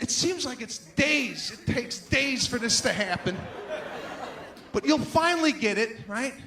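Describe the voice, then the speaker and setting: A man doing a stand-up comedy routine, exasperated and acting out characters, building to shouts. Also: very high voice. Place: comedy stage before a live audience. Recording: live show with crowd laughter and noise.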